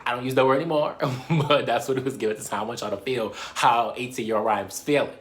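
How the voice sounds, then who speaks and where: A young man from Baltimore with a Baltimore accent, telling a personal story to camera in a lively, profane way and addressing viewers as "y'all". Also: mid-range voice, fast talker. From Baltimore, USA. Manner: animated, swears a lot, laughs often, addresses viewers as "y'all". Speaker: storytime vlogger.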